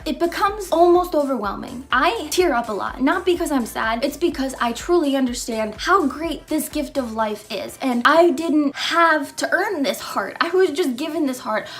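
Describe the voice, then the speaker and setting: A young woman vlogging in a casual, earnest way about her morning routine, warm-hearted with playful asides and growing emotion. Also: high-pitched. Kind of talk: casual motivational vlog talk. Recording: faint music behind.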